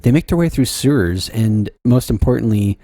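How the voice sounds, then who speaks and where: A man's voice: on the low side, expressive, normal speed, dark tone, no echo, studio quality. A man co-hosting a podcast, rambling in casual chat and making fun of how he says words. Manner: rambling, self-conscious about his pronunciation. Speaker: podcast co-host.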